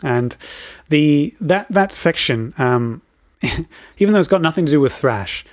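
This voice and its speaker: A man's voice: on the high side, animated, a little slow, dry recording, studio quality. A man co-hosting a podcast, chatting casually about recording music, rambling with many fillers and restarts, chuckling often. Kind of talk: casual chat.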